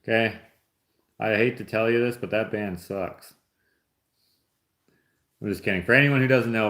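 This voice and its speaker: A man hosting a casual livestream, reading chat aloud and opening gifts in an easygoing, joking way. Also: on the low side. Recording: roomy echo.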